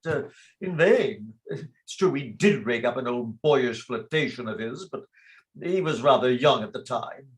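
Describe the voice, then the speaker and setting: A man's voice: medium pitch, close to an everyday voice. A man reading the part of a fussy, blustering father of the bride in an amateur play reading. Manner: blustering, fussing, mock-solemn.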